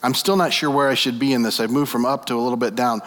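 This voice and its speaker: A man's voice: mid-range voice, steady tone, fast talker, a bit bright. A man preaching a sermon, retelling a story vividly with many rhetorical questions to his listeners. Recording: long hall reverb.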